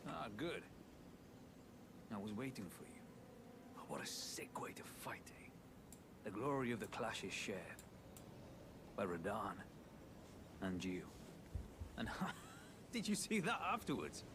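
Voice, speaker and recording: A low, earnest half-wolf warrior. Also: male voice, big pitch swings, full character voice. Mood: admiring. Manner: earnest, admiring, low and measured. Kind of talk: video game character dialogue. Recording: game audio under noise.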